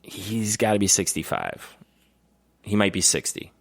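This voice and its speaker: A man's voice: on the low side, sing-song, unhurried, creaky. A man in his thirties co-hosting a podcast, telling profane stories in casual chat and laughing often. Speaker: podcast co-host.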